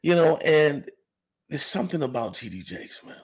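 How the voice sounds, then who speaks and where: A man giving rambling, animated commentary to camera, full of "you know" asides. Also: on the high side, moderate pace, creaky, husky. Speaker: commentary vlogger. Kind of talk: casual ranting commentary.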